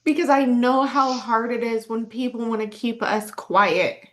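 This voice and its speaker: A woman's voice: fairly high pitch, steady tone, a little slow, slight background noise. A woman hosting a heartfelt chat, talking in an effusive, affectionate way and repeating loving words. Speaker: host. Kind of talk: emotional casual chat.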